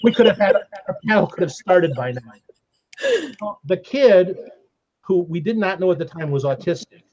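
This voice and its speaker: An older man, a podcast guest, telling stories in a relaxed, animated way, laughing now and then. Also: high-pitched, unhurried. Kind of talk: casual storytelling. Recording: slightly dull lo-fi sound.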